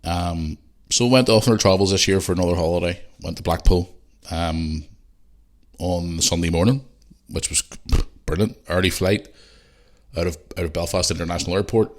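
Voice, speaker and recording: A middle-aged man with a Northern Irish accent hosting a podcast, rambling and swearing, and growing heated and loud. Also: sits low, normal speed. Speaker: podcast host. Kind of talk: casual monologue.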